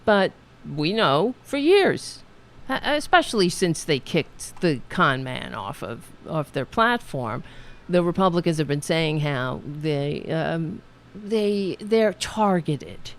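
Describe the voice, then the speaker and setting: A woman's voice: deep voice, slow pace. Chatty woman hosting a live stream. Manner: chatty, animated, laughs often, trails off and restarts. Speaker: political show host. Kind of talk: casual live-stream talk.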